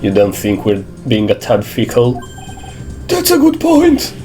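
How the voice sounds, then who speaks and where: A man voicing an old, easily swayed judge in a video game, in a wavering high voice. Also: huge pitch swings, a little slow, dark tone, soft background music.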